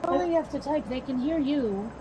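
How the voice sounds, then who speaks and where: A woman's voice: sits high, expressive, normal speed. Joking woman with a noisy background. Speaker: chat participant. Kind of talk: casual online group chat.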